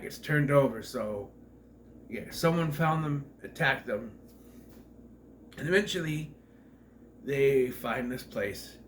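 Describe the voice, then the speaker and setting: A man's voice: medium pitch, fairly bright tone. Guy rambling thru a movie recap, voice swings all over, forgets names, faint hum behind. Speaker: movie reviewer. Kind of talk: casual spoiler review.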